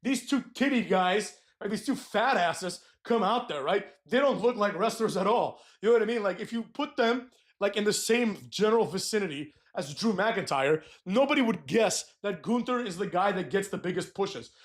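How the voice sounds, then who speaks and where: High-voiced man ranting crudely. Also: animated, moderate pace, hardly any pauses. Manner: crude, mocking, ranting, mimics wrestlers in whiny voices. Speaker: wrestling commentator. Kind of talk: profane wrestling recap rant.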